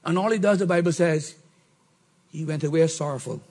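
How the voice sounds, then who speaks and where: A middle-aged man preaching a sermon, swinging from shouts to low murmurs. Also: fairly quick. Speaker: pastor.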